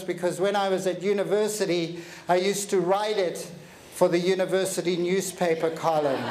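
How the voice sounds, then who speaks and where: Man, motivational speaker, animated and jokey, high voice, echoey hall. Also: slight background noise. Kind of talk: keynote storytelling to a live audience. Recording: echoey hall with faint ambience.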